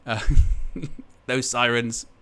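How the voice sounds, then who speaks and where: A man hosts a live football stream and talks casually to his chat. His voice is bright and forceful, and he rambles in a jokey, sarcastic way. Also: mid-range voice, steady tone, very slow, clear, resonant tone. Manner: chatty, rambling, jokey and sarcastic, often laughing.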